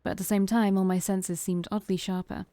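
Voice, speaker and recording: Mellow-voiced woman reading a game aloud. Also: medium pitch, level tone, a little fast, dry recording. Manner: casual, chatty asides. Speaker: let's play host. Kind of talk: reading a visual novel aloud with chat.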